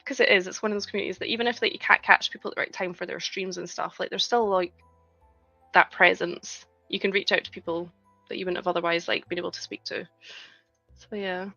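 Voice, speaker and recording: Woman, thirties, casual live-stream chat, bright gravelly voice, dry dull-sounding audio, faint background music. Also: lowish voice, fairly even intonation, fast talker, dry recording. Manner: chatty, reads chat aloud, frequent "like". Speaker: livestreaming LEGO builder.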